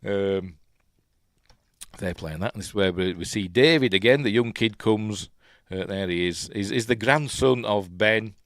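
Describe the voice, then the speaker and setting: A man with a Yorkshire accent talks through a film in a loose, live commentary, drifting off on tangents as he goes. His voice sits low and deep. The sound is close and dry, with no room around it. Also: no echo. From Yorkshire, England. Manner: rambling, chatty, easily sidetracked. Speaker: host.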